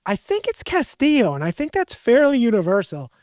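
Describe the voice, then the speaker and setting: A man's voice: very high-pitched, huge pitch swings, fairly quick, darkish tone, dry recording, studio quality. A man hosting a podcast, talking candidly in a rambling, self-deprecating way. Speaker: podcast host. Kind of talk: casual podcast conversation.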